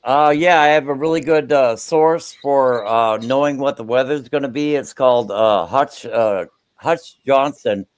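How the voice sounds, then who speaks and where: A man's voice: medium pitch, a little slow, clear, resonant tone, no room sound. A man chatting casually, rambling with lots of hesitations. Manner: rambling with many ums. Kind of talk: casual chat.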